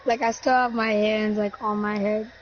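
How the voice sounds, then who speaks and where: A woman's voice: medium pitch, level tone, normal speed, slight background noise. A woman improvising her part in a roleplay, describing her own actions casually. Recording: dull lo-fi recording with music.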